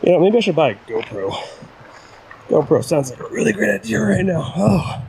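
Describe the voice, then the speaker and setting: A man's voice: sits high, sing-song, moderate pace, creaky, darkish tone. A young man chatting to viewers while hiking a rocky trail, out of breath, self-deprecating and talkative, recorded outdoors on a camera-mounted mic. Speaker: hiking vlogger. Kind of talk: casual vlog narration while hiking. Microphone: camera-mounted shotgun mic. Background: wind.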